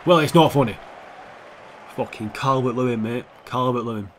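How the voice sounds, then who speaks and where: A man's voice: medium pitch, normal speed, slight background noise. A young man giving casual, sweary, sarcastic commentary over a football video game, talking back at the players on screen. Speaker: gaming YouTuber.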